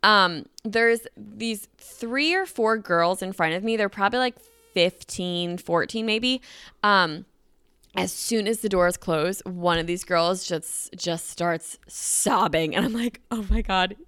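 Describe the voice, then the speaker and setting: Young adult woman, chatty storyteller, bright crisp voice, dry close sound. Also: medium pitch, takes it slowly, no room sound. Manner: chatty, filler-heavy with frequent "like"; animated, acts out quoted voices. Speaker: vlogger. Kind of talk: casual storytelling.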